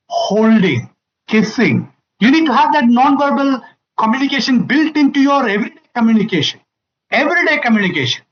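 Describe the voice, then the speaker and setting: A family seminar speaker with a very high-pitched voice gives an emphatic public talk, repeating key phrases and acting out the lines he quotes. The highs in the recording are cut off.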